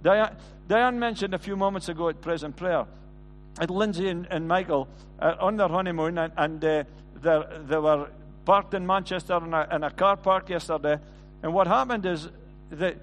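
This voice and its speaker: Man, high voice, earnest sermon, stammered restarts, band playing behind. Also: moderate pace, long reverb tail. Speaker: pastor. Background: band music.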